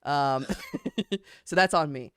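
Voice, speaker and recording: A man hosting an improvised comedy livestream, chatting loosely with quick asides and laughs. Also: fairly high pitch, fairly bright tone, smooth, no echo, clean studio sound. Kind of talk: casual hosting banter.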